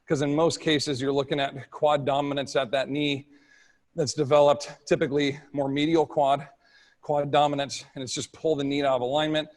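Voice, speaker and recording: A man's voice: fairly high pitch, flat delivery, normal speed, low-quality recording. A man presenting at a live fitness workshop and answering questions in a casual, practical way.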